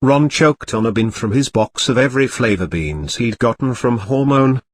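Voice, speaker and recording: Animated male storybook narrator. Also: medium pitch, normal speed, slight background noise.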